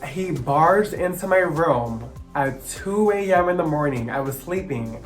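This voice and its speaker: A young man of about twenty telling a personal story to camera, sassy, expressive and dramatic. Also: on the high side, a little slow, faint music behind. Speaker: vlogger.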